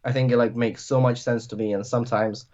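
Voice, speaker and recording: A man's voice: medium pitch, little pitch movement, fairly quick, a little mellow. Guy rambling casually on a podcast, says like a lot, kinda muffled audio. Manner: rambling, filler-heavy, lots of "like". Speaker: podcast guest. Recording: dull lo-fi audio.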